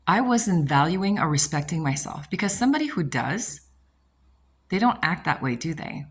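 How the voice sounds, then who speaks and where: Deep-voiced woman coach, blunt and emphatic, fond of rhetorical questions. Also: breathy edge. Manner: emphatic, blunt, swears casually. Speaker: manifestation coach. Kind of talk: motivational talk to camera.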